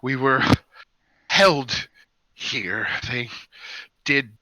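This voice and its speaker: A man's voice: medium pitch, extremely slow, pushed and bright, no room sound, lo-fi sound, full character voice. A man voicing a pompous, weary city overseer with stiff, formal speech.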